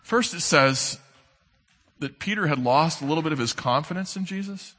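A man preaching a sermon as an earnest storyteller, swinging between loud emphasis and soft, low asides. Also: moderate pace. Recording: long hall reverb.

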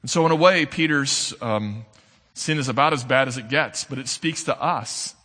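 A man preaching a sermon as an earnest storyteller, swinging between loud emphasis and soft, low asides. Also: moderate pace. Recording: long hall reverb.

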